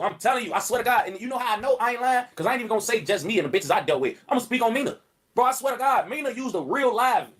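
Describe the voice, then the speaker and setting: A man telling stories in a loud, excitable rant, laughing through them. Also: very high-pitched, slightly rough. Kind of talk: animated storytelling rant.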